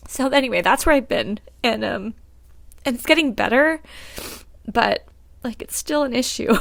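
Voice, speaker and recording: A woman's voice: fairly high pitch, normal speed, gravelly, pauses often, fairly bright tone, no room sound. A woman hosting a podcast, talking candidly about her life with frequent laughs, fillers and restarts, and a little choked up. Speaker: podcast host. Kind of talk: casual personal talk.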